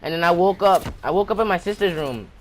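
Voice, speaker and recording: On his own channel, a man tells a personal story time tale in a rambling, breathless way, often restarting his sentences. His voice is high-pitched and fast, with a little hiss or hum in the recording.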